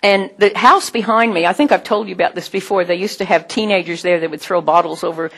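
A middle-aged woman, giving a sermon with personal stories in a chatty, animated way and often laughing. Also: on the low side, fast talker, slightly rough.

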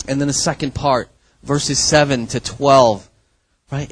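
Male pastor, mid-pitch, deliberate sermon delivery, emphatic, dry studio-like sound. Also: steady tone, husky, no echo, rough recording. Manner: earnest, emphatic preaching with frequent "right?" asides.

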